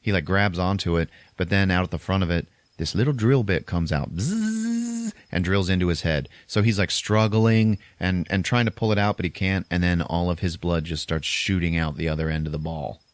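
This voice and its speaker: A man hosting a podcast and recapping a horror film in a casual way, animated and laughing often. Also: low-pitched, a little fast, hardly any pauses, no echo. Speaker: podcast host.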